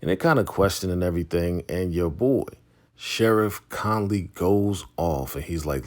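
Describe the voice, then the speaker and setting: A man's voice: deep voice, moderate pace. A man casually recapping a TV episode, retelling scenes and acting out the characters' lines. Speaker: TV show recap host.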